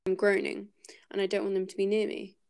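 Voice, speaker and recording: A woman's voice: medium pitch, monotone, brisk, a little mellow, clear, resonant tone. A woman hosting a casual book-club podcast, thinking aloud and hesitating with many fillers as she talks through a chapter.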